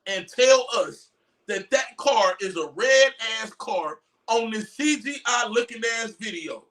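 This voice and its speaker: A man rants in a loud, mocking way, swearing freely and shouting at times. His voice sits high and sounds bright and sharp. He is some way back from the mic. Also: animated, unhurried, far from the mic. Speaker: commentary streamer. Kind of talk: casual trial commentary rant.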